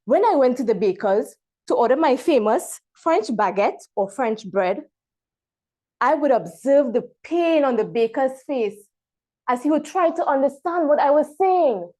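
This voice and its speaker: A woman from Trinidad and Tobago, giving a prepared speech over a video call and pausing dramatically between words. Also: sits high, expressive, warm tone. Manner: dramatic pauses, emphatic word-by-word delivery. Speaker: club member giving a speech.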